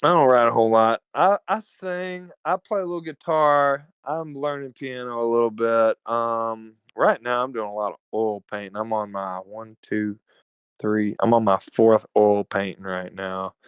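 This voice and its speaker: A man with a Southern Alabama drawl chats as a podcast guest in a loose, jokey, profane way. His voice is smooth and resonant. The sound is close and dry. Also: mid-range voice, normal speed, no echo, rough recording. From Evergreen, Alabama, US. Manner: laid-back, profane, slangy, jokey. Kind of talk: casual conversational storytelling.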